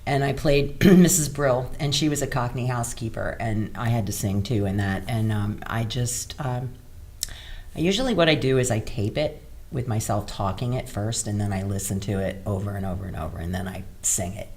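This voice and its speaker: A woman's voice: rumbling low, normal speed, a little mellow. A middle-aged woman, an actress guest, chatting casually in an interview and laughing often.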